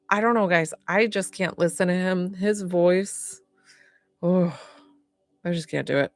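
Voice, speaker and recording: A woman's voice: fairly low pitch, no echo. A young woman from upstate New York, a medium chatting casually on a live stream, rambling and answering viewer comments.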